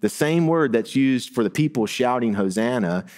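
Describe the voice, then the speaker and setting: A middle-aged male pastor giving a sermon, talking in a relaxed, conversational way that builds to emphatic moments. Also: medium pitch, normal speed. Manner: conversational preaching with rising emphasis and light laughs.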